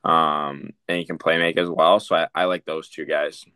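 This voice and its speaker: A man's voice: extremely low pitch, little pitch movement, moderate pace, pushed and bright, smooth, dry recording. A young man, a hockey prospect, answering interview questions casually, with many fillers and restarts. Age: young adult.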